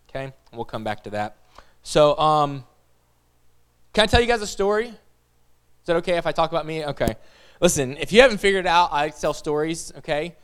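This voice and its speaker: Male pastor, 30s, smooth and clear tone, casual rambling storyteller, self-mocking. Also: on the high side, fairly bright tone. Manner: chatty, self-deprecating, heavy use of "like" and "listen". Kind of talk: casual sermon with personal story.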